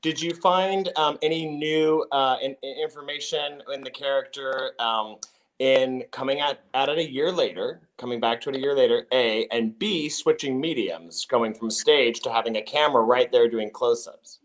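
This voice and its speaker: A man's voice: mid-range voice, moderate pace. A man moderating a live virtual panel, asking rambling questions with lots of fillers and restarts.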